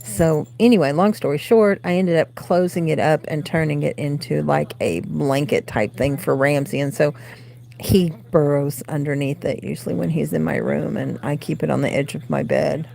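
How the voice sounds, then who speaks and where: Southern woman in her forties, craft stream host, dark mellow voice, rambling chatter. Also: low-pitched, normal speed, gravelly. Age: 40s. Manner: rambling, coos baby talk to her cats. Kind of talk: casual livestream chat. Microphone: phone.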